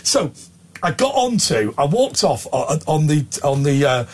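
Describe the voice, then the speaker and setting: A middle-aged English man and presenter, chatting casually in a studio and telling animated anecdotes with voices. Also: a little high, a little slow, husky.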